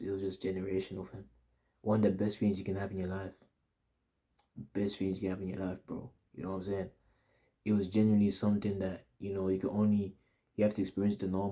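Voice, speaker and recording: A man's voice: lowish voice, dark tone. A young man telling a story to his audience in a casual, rambling, slang-heavy way, repeating himself often. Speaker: vlogger.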